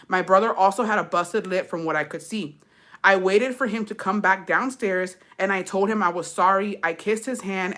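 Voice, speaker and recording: Young woman, casual storytime reader, mid-pitch, slangy and profane, switches into Spanish, laughs between lines. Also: a bit bright. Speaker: storytime YouTuber reading a story aloud. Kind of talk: casual storytime reading with commentary.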